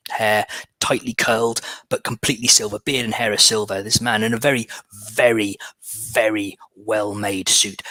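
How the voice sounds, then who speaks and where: A man's voice: on the low side, bright, forceful tone, no echo. A man narrating as game master of a tabletop game, speaking casually with many fillers, restarts and repeated words.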